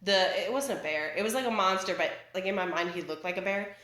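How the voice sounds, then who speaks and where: Speaking fast at a medium pitch with a slightly bright tone, a young vlogger rambles through a casual rant in her echoey living room. She's chatty, stops and restarts constantly, and uses lots of fillers.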